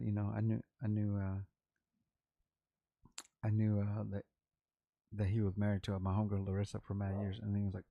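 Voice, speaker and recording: A man's voice: on the low side, flat delivery, quick pace, vocal fry, dark tone, no echo. A middle-aged man from Los Angeles, a rapper hosting his own vlog, telling a long, rambling, profane story in casual talk and repeating himself. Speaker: vlog host, underground rapper.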